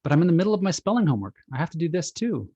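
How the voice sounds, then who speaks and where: A man voicing an exasperated school-age child who protests about homework before a test, with a slightly husky tone. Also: medium pitch, fast, darkish tone, no room sound, muffled recording, natural voice. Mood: indignant. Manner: whiny, protesting.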